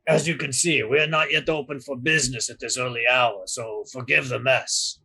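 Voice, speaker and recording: A man's voice: mid-range voice, fairly even intonation, moderate pace, gravelly, pushed and bright, slightly rough, full character voice. A man voicing a large, courteous doorman who speaks with a thick foreign accent in formal, slightly broken phrasing.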